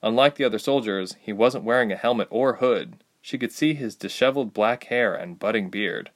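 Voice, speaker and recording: A man narrating a fantasy audiobook in steady storytelling. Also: on the low side, normal speed.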